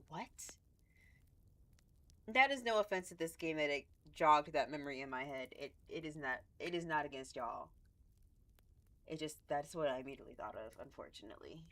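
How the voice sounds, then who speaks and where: A woman's voice: mid-range voice, sharp tone. A woman streaming a dating game, chatty and easily sidetracked, scolding her cat between comments. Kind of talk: casual gaming stream commentary.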